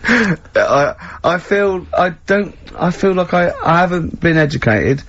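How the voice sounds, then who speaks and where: A man's voice: high voice, expressive, takes it slowly, a bit bright, slight background noise. Guy hosting radio banter, laughs a lot, ribbing his mates, kinda dull lo-fi sound. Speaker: radio host. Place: radio studio.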